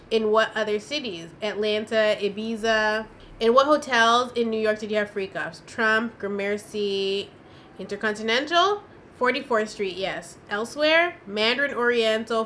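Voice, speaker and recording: Woman commentator, bright forward voice, reads transcript lines with casual asides. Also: medium pitch, a little hiss or hum. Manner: reads testimony aloud with sassy asides. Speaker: commentator recapping a trial.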